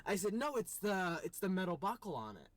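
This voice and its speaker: A man from the United States telling a casual story with exasperated, animated retellings and voiced quotes. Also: sits high, brisk, a crowd in the background. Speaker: co-host.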